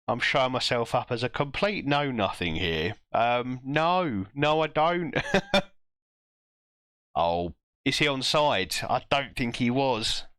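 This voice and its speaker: A man streaming a football management game, reacting live with self-mocking groans and quick asides to chat. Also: mid-range voice, animated, fairly bright tone, clear, resonant tone, dry recording.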